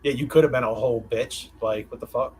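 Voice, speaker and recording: A man's voice: medium pitch, fairly even intonation, fast, darkish tone, slightly rough. A man co-hosting a podcast, reacting to a clip with sarcastic, profane remarks. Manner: sarcastic, swears freely. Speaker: podcast co-host. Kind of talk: casual podcast commentary.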